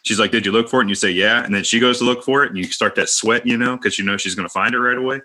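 A man's voice: fairly low pitch, fairly even intonation, fast, bright, forceful tone. A man in casual podcast chat, talking bluntly and swearing freely.

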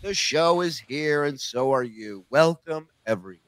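A man's voice: on the high side, lively intonation, measured pace, a bit bright, no echo. A man hosting a podcast, joking crudely and laughing often with his co-hosts. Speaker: podcast host. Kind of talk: casual crude banter.

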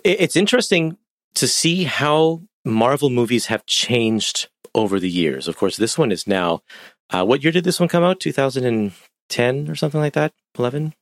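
A man's voice: medium pitch, lively intonation, normal speed, dry recording, clean studio sound. A man giving matter-of-fact opinions in a casual podcast film discussion. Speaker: podcast co-host.

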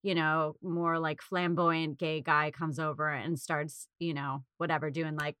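A woman's voice: sits low, flat delivery, unhurried, a bit bright, clear, resonant tone, no room sound, studio quality. A woman in casual conversation, thoughtful and reflective, with lots of fillers as she talks through an idea. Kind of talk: casual chat.

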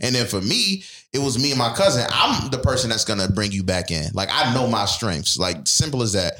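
A man co-hosts a podcast in casual banter, his voice bright and ringing. He tells stories animatedly and swears freely. The room adds a noticeable echo. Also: medium pitch, expressive, fairly quick. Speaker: podcast co-host.

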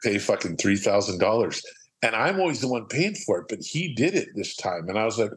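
A middle-aged man from Southern California tells casual, rambling stories as a podcast guest, swearing freely and acting out the quotes. His low-side voice is sing-song and brisk with a slightly rough quality, and the audio is poor.

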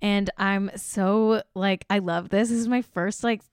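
A woman's voice: mid-range voice, fairly even intonation, a little slow, clean tone, dry recording, studio quality. A woman hosting a casual pop-culture podcast, chatty and gushing, laughing often between remarks. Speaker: podcast host.

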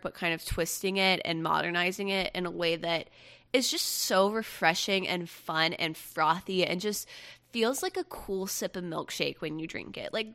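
A young woman hosting a casual pop-culture chat, gushing and chatty with quick asides. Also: on the low side, pushed and bright. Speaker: podcast host.

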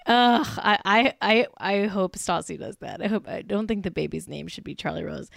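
A woman's voice: fairly low pitch, a little fast, gravelly, a bit bright, no echo, studio quality. A woman co-hosting a podcast, chatting casually about celebrity gossip, swearing often and saying "like" constantly. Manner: chatty, swears, heavy use of "like". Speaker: podcast co-host.

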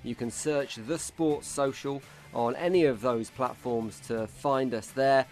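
A man hosting a football podcast, chatty and quick to laugh. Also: medium pitch, fairly even intonation, darkish tone, soft background music. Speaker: podcast host. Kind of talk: casual football podcast chat.

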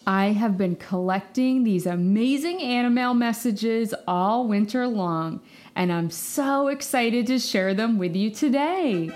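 A woman hosting a children's storytelling podcast, talking in a bright, enthusiastic, exclamatory way. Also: a little high, expressive, unhurried. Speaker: host and children's book author. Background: background music.

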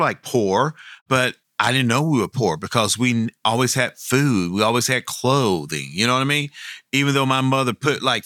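A middle-aged man from Arkansas who works as a professional Santa Claus tells folksy, rambling stories as a guest in an interview. He comes across as a warm storyteller with a mid-range voice, and the dry recording is studio quality.

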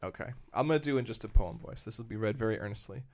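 A man's voice: on the low side, quick pace. Rambling male podcast host. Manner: rambling, filler-heavy. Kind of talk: casual chat.

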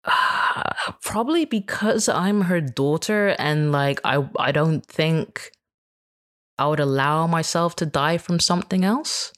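A woman's voice: low-pitched, takes it slowly, fairly bright tone. A woman speaking as an interview guest in casual chat, candid and rambling, often restarting her sentences.

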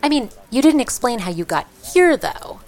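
A woman's voice: fairly high pitch, very animated, normal speed, darkish tone. A woman interviewing someone, curious and blunt in her questions. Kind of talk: conversational interview.

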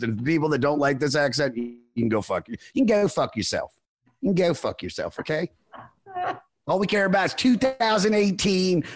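Podcast host guy, really animated, bit high, joking around and cussing. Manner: lively, joking, swears freely. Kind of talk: casual chat.

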